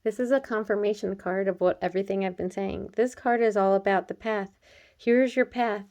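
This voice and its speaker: A woman of middle pitch talks through an oracle card reading in a relaxed, chatty way. She addresses the viewer directly, earnest and reassuring, with light fillers and the odd laugh. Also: moderate pace. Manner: earnest and encouraging, speaking straight to the viewer. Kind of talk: casual card reading to camera.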